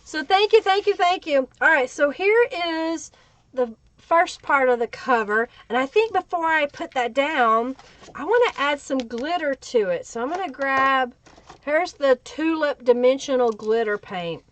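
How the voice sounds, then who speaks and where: With a high voice and no room sound, a woman leads a live crafting tutorial, chatting constantly and welcoming viewers in the chat by name. The livestream audio is dull and lo-fi.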